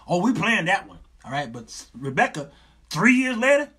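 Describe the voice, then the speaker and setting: A middle-aged man hosting a talk show, giving sermon-like advice in an animated, joking, preacherly manner with lots of repetition. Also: high voice, normal speed, slightly rough.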